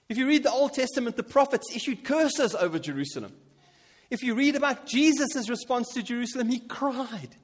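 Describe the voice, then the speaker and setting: A man preaching a sermon, animated and emphatic, with quiet asides between his peaks. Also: extremely high pitch. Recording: long hall reverb.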